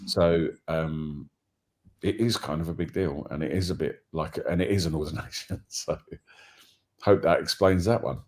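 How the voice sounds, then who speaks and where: A man from East London with an Estuary English accent, co-hosting a casual chat and explaining things in a measured, relaxed way. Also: rumbling low. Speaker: co-host.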